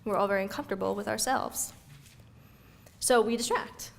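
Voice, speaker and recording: A woman giving an energetic, conversational talk to an audience, acting out everyday reactions as she goes. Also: medium pitch, moderate pace, creaky. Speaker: speaker giving a talk on youth mental health. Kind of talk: lively lecture to an audience. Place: event room before an audience.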